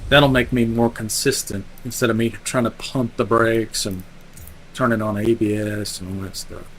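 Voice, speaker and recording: A man streaming a racing game, explaining car setup in a relaxed, teasing way. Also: on the low side, slight background noise, rough recording. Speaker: streamer and race car driver. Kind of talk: live-stream gameplay commentary.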